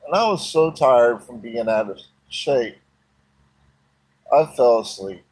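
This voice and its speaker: Man telling his own story in a folksy, plain-spoken way, unhurried, with a husky voice. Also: medium pitch, expressive, darkish tone, low-quality recording.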